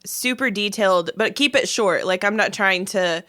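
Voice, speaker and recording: A podcast co-host with a bright, mid-range voice chats casually at normal speed. She's an animated storyteller who acts out the quotes.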